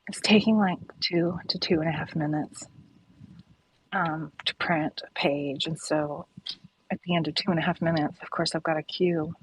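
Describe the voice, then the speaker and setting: A woman's voice: low-pitched, steady tone, normal speed, breathy edge, poor audio. A woman chatting casually in an online group voice call, telling wry and playful stories.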